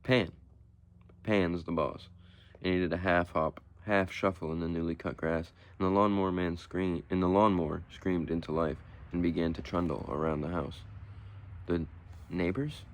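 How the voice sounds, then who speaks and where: A man narrating a short horror story as an audiobook reading, in a steady, measured way. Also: deep voice.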